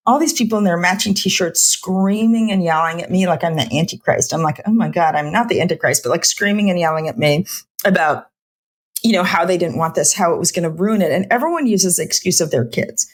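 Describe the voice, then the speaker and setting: Impassioned woman physician, lowish voice. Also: a little fast. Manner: impassioned, speaks in run-on bursts with many "like" fillers. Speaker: physician and homelessness researcher. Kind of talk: conversational podcast interview.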